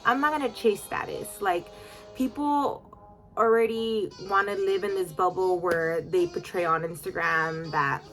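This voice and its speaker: A chatty woman tells a storytime vlog to her followers, full of "like" and fillers and openly emotional. Her voice sits low for a woman yet sounds sharp and bright. Faint music plays behind her. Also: measured pace. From United States. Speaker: boutique owner telling a story to followers.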